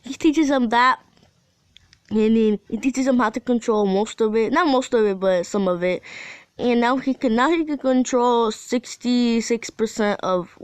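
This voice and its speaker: A woman's voice: fairly high pitch, a little slow, clear, resonant tone, dry recording. A woman rambling through a fan story retelling, with many fillers and restarts.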